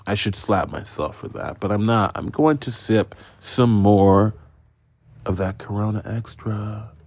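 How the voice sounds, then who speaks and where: A man's voice: fairly low pitch, a little slow, darkish tone, no echo. A man hosting a podcast, giving a casual solo film review in a rambling, profane, self-mocking way. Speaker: podcast host reviewing films.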